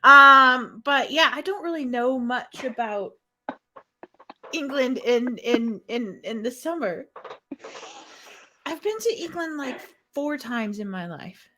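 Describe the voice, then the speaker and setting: A woman's voice: sits high, lively intonation, slow pace, noisy background. A woman co-hosting a casual chat show, laughing often as she talks. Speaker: co-host. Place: lives in Ireland.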